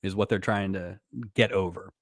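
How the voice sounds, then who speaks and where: A man's voice: low voice, flat delivery, moderate pace, no room sound, clean studio sound. A man co-hosting a podcast, recapping an old TV episode in casual chat and laughing often. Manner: laughs often, retells scenes with put-on voices. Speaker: podcast co-host.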